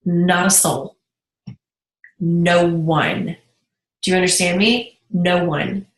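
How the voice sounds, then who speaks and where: A woman's voice: lowish voice, steady tone, slow, reverberant, rough recording. A woman in her thirties, a direct sales team leader, talking casually and earnestly to viewers in a live video, getting emotional. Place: moved to North Carolina.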